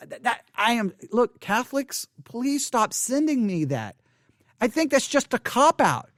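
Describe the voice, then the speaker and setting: A man with a notably high voice, recorded close and dry, works through viewer comments out loud. He talks in an animated, exasperated way, stumbling and restarting often. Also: a little slow, dry recording. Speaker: channel host answering viewer comments. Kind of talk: casual commentary reading comments aloud.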